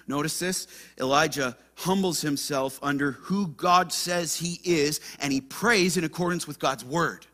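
Male pastor, impassioned sermon delivery, high bright voice, hushed to fervent. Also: measured pace, few pauses. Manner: impassioned preaching, swings between hushed and loud.

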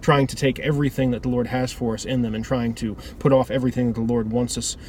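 A man's voice: mid-range voice, steady tone, fast, a little mellow, slight background noise. A man giving an earnest, informal devotional talk that often loops back and restarts its phrases. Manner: earnest, rambling with repeated restarts. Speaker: preacher.

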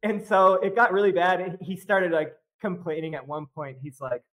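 A man's voice: sits high, fairly even intonation, normal speed, fairly bright tone. A man on a podcast as a guest, telling a story in casual chat, full of fillers and breaking into laughs often.

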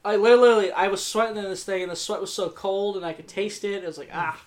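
A woman co-hosting a casual podcast chat, telling animated stories and swearing freely. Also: mid-range voice, fast. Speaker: podcast co-host.

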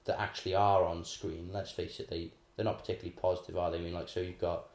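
A man's voice: sits low, flat delivery, fast talker, darkish tone. A man co-hosting a casual chat, explaining political theory in a chatty, lecturing way. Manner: chatty, lecturing, laughs at his own asides. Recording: echoey room.

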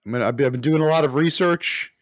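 A man co-hosting a podcast in casual chat, talking in halting, rambling restarts. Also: a little high, no room sound, clean studio sound. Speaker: podcast co-host.

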